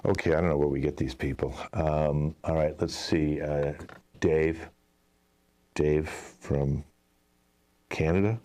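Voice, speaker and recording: A man with a very low voice plays an exasperated commercial director in an improv scene. He rambles through his notes with lots of fillers and sighing asides. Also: fairly even intonation, slow pace, pauses often, mellow. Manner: exasperated, talky, many fillers. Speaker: improv show host, playing a commercial director.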